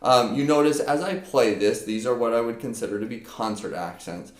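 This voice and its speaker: A man's voice: medium pitch, brisk. A man giving an unscripted percussion lesson, explaining step by step with frequent fillers. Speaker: percussion teacher. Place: practice room with a drum. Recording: echoey room.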